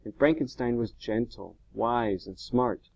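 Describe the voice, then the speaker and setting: A man's voice: mid-range voice, unhurried, gravelly, a little mellow, no echo. Man narrating a classic novel. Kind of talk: audiobook narration.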